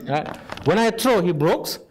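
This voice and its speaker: A man with non-native English giving an informal Buddhist teaching, lively and direct, checking in often with the audience. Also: high voice, unhurried, background noise. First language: Tibetan. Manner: animated, asks "right?" constantly, non-native phrasing. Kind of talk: informal dharma talk.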